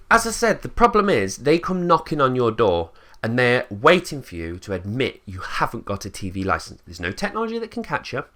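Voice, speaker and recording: A man with an English accent rants in a casual monologue, blunt and quick to swear. His pitch swings widely as he talks. His tone is bright and forward. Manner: blunt and sweary, acts out quotes in put-on voices. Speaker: channel host.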